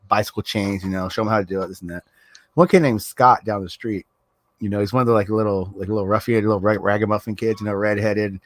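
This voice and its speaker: Middle-aged dude rambling a story on voice chat, laughs a lot, dry mic. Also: male voice, on the low side, dry recording. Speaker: voice chat participant.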